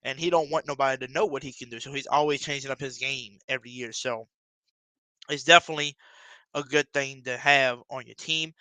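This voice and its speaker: Young man, football fan commentary, bright crisp voice, dry close sound, talks straight to viewers. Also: mid-range voice, fairly quick, no room sound, rough recording. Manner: excited, addresses viewers directly. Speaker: sports fan video host.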